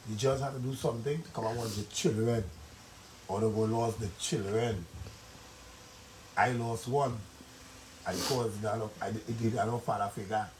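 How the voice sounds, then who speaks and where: A man's voice: mid-range voice, reverberant, a little hiss or hum, low-quality recording. A man from Trinidad and Tobago with a Trinidadian accent, earnestly telling his life story on a live stream, pleading and rambling in dialect. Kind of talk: emotional live-stream testimony.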